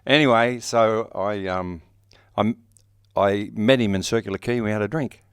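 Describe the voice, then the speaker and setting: A man's voice: on the low side, moderate pace, clear, resonant tone, no echo, studio quality. A man in his sixties with an Australian accent, a guest actor talking bluntly and joking, with plenty of swearing, in a casual interview. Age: 60s. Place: horror convention.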